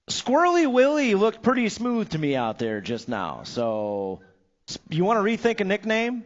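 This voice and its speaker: A man's voice: sits high, big pitch swings, unhurried, highs cut off. A man calling a live bike race as the track announcer, upbeat and joking, giving riders playful nicknames.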